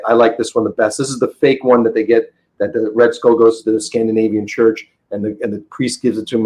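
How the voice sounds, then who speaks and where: Here a comic book dealer in middle age is the interview guest on a podcast, telling stories casually. His mid-range voice comes through a low-quality recording, and he rambles with enthusiasm, often restarting his thoughts.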